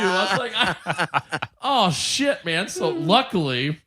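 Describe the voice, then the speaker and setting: A man's voice: high voice, unhurried, over a noisy crowd. A man with a Northwest Ohio accent hosting a podcast, telling stories in casual chat, laughing often and acting out the people in them. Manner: animated storyteller, acts out voices, laughs often. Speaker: podcast host.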